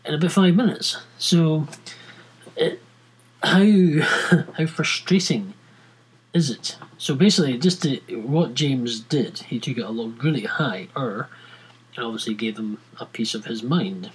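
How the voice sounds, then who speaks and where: A man's voice: medium pitch, measured pace, slightly rough, rough recording. A Scottish man talking casually to viewers, ranting at length with many restarts and fillers. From Scotland.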